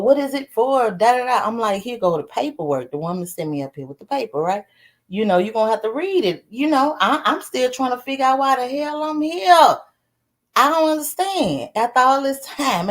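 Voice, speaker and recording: An older woman, telling a story on a casual live stream, animated and laughing often. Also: mid-range voice. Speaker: vlogger.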